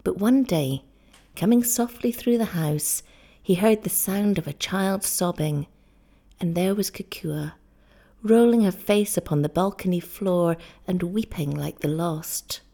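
A woman narrating a story aloud in a measured, even way. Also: fairly low pitch, creaky. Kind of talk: scripted audiobook narration.

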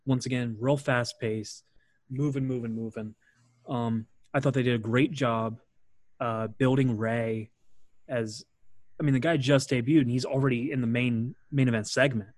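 A man's voice: mid-range voice, steady tone, moderate pace, a little mellow, no echo. Young guy chatting loose, lots of ums, dry close sound. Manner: rambling, filler-heavy, acts out quotes. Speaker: podcast host. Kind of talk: casual chat recapping wrestling.

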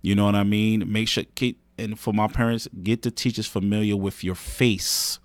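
Man, very deep voice, dry close sound, earnest casual advice, repeats himself a lot. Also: steady tone, moderate pace, no echo. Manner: earnest, repeats points, says "man" and "you know what I mean" often. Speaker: podcast co-host.

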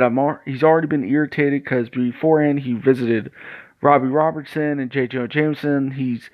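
A man's voice: mid-range voice, fairly even intonation, brisk, no echo. A man retelling a comic book story in a loose, casual way, quoting the characters in his own voice. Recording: dull lo-fi dry sound.

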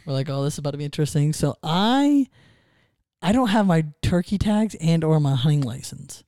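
Lively young man telling a story. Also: fairly high pitch, a little fast, no room sound, studio quality. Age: 20s. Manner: animated storyteller, acts out quotes. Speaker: podcast host. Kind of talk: casual chat, storytelling.

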